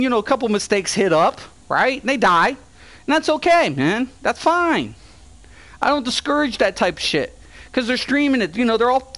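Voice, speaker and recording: A man's voice: extremely high pitch, fairly bright tone. A man hosting a gaming channel, ranting profanely and trash-talking during live gameplay commentary.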